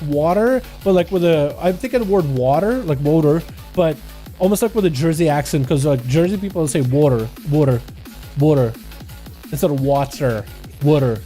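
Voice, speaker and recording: A man's voice: high-pitched, lively intonation, brisk, mellow. A young man of Russian first language, streaming a game and chatting loosely with viewers in rambling slang. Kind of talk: casual livestream chat with viewers. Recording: faint music behind.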